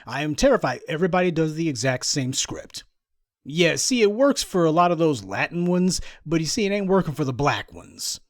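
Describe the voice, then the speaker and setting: A man with a fairly high voice delivers sarcastic political commentary, sliding into mocking imitations. The sound is dry and close, with no room around it. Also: very animated, normal speed, no room sound. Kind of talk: monologue commentary on news clips.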